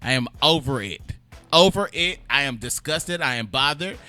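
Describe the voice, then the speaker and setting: A man's voice: mid-range voice, expressive, normal speed, pushed and bright, soft background music. A man hosting a talk show, ranting in a fired-up, repetitive way with an Atlanta accent. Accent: Southern US, Atlanta. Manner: fired-up, repeats phrases, drawls and curses when frustrated. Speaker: podcast host. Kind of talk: heated casual chat.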